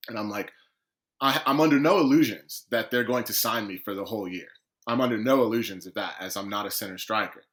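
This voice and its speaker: Male podcast guest with a bright, forceful voice, animated storyteller who acts out what people said. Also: on the low side, brisk. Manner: lively storyteller, acts out quoted conversations. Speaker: guest, professional footballer.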